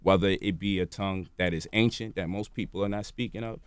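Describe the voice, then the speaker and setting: A man's voice: low voice, steady tone, a little fast, clear, resonant tone, no echo. A man, a radio show guest, explaining at length in a lecturing way and checking in with "right?" and "you feel me?". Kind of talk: lecturing interview talk. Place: radio studio.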